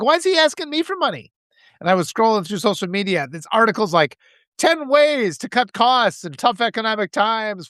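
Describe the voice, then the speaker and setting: A man's voice: high-pitched, fairly bright tone, no room sound. A man hosting a live stream, giving impassioned political commentary and reading out viewer comments, with frequent restarts.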